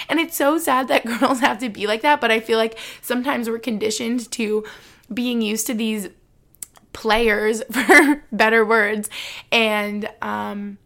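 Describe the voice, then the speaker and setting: A woman's voice: mid-range voice, fairly even intonation, moderate pace, vocal fry, fairly bright tone. A woman in her twenties, a vlogger, chatting casually to her viewers in a storytime style, filling her talk with "like". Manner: chatty, heavy use of "like", speaks straight to viewers.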